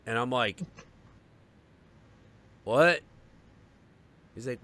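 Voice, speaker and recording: This stream host has a medium-pitched voice, speaks slowly, and pauses often, with no echo. He rants casually and profanely through a story, animatedly performing the voices of its characters.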